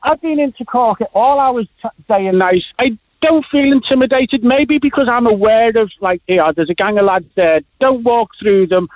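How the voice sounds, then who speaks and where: A man's voice: very high-pitched, normal speed, no echo, narrow, tinny audio. A man, calling in to a radio show and chatting casually, rambling with lots of fillers and restarts. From Liverpool. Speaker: caller. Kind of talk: casual radio phone-in chat.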